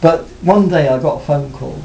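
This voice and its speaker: A man being interviewed about his music career, talking reflectively with many pauses and restarts. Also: creaky, mellow, lo-fi sound. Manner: hesitant, many restarts and "you know". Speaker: interviewee, former band cellist. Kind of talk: reflective casual interview talk. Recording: roomy, faint rumble.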